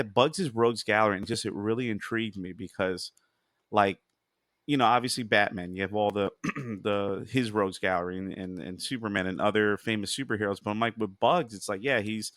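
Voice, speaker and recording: Low-pitched guy rambling on a podcast, dry close mic, lots of ums. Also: steady tone, moderate pace, a bit bright, no room sound. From United States. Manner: rambling, self-amused, many fillers. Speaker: podcast co-host. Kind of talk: casual chat.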